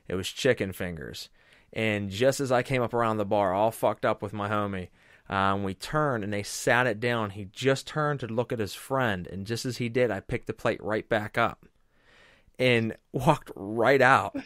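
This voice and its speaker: A young man hosts a casual podcast and tells long, animated stories full of swearing and false starts. His voice sits fairly low and sounds smooth and resonant, recorded dry and close with almost no room sound. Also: no echo. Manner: animated, profane, rambling with restarts. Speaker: podcast host. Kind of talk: casual storytelling chat.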